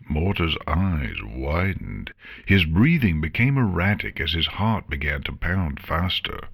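A man narrating a fan story aloud in a slow, expressive reading. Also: low-pitched, creaky, husky. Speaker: reader.

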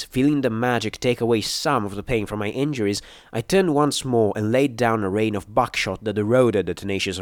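A man reading a first-person adventure story aloud in a steady, measured way. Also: on the low side, dry recording, clean studio sound. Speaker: audiobook narrator.

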